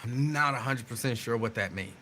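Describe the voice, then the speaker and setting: A man hosting a talk show, delivering a sarcastic, animated monologue that riffs on the news. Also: mid-range voice, a little fast, a little hiss or hum. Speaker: show host.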